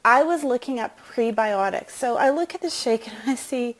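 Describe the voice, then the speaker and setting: A middle-aged woman shares a personal story in a confiding, emotional way, then pitches wellness products in an upbeat, chatty tone. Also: lively intonation, moderate pace.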